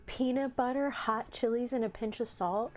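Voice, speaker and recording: A woman's voice: a little high, fairly even intonation, moderate pace, a little mellow, soft background music. A woman hosting a livestream in casual chat, reading the live chat aloud with playful teasing and frequent laughter. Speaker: livestream host.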